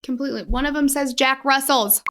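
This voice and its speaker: A woman's voice: sits high, a little fast, fairly bright tone. A woman with a slight cold co-hosting a casual true-crime podcast, making wry, emphatic asides. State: slight cold, itchy nose. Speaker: podcast co-host.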